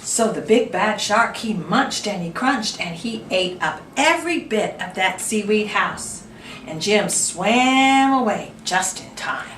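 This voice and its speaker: A woman reading a children's picture book aloud at an unhurried pace, her voice rising and falling animatedly. She turns to the young listeners with questions. The recording is roomy and distant, with a faint hiss. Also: mid-range voice, animated, a bit bright. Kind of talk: children's storytime read-aloud.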